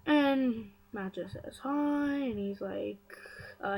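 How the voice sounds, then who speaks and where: A woman's voice: a little high, slow, darkish tone, rough recording. Chatty woman recapping a story. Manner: chatty, filler-heavy, gossipy asides. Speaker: vlogger.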